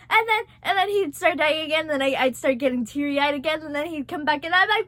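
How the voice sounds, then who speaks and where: A young woman chatting casually as a vlogger, gushing and excitable, swearing freely. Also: high-pitched, fairly quick, no echo. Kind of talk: casual chat.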